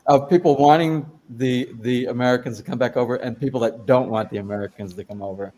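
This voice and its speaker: Guy in casual group chat, hesitant, keeps repeating himself, mid-pitched voice. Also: fast, warm tone.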